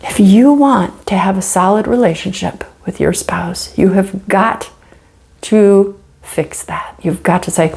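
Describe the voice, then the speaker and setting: A woman teaching relationship skills straight to camera, emphatic and animated, often checking in with "right?". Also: mid-range voice, measured pace, gravelly. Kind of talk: direct-to-camera teaching talk.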